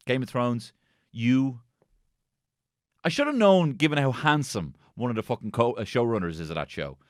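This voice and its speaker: A man's voice: medium pitch, no echo, clean studio sound. A man hosting a solo comedy podcast, rambling, swearing and joking as he recaps. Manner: sweary, rambling, jokey, bursts into silly voices. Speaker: podcast host.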